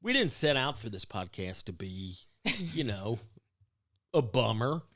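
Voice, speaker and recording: A man's voice: mid-range voice, very animated, unhurried, pushed and bright, slight background noise. A man co-hosting a casual comedy podcast, blunt and joking, laughing often. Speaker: podcast co-host.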